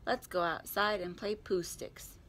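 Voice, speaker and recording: A woman reading aloud and voicing a gentle, slow-spoken male teddy bear in a storybook. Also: mid-range voice, steady tone. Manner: slow, soft, mild.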